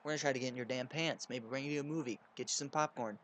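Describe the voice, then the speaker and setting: A man's voice: mid-range voice, steady tone, rapid-fire, a bit bright, a little hiss or hum. A young man telling crude, profane stories in a casual rant while playing a video game. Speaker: gaming channel host. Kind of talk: casual storytelling over gameplay.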